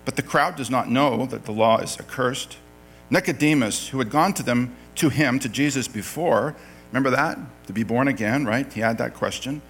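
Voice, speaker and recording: A man's voice: medium pitch, normal speed, a bit bright, soft background music. A man from Canada preaching a sermon as pastor, talking conversationally, reading scripture aloud and correcting himself mid-sentence.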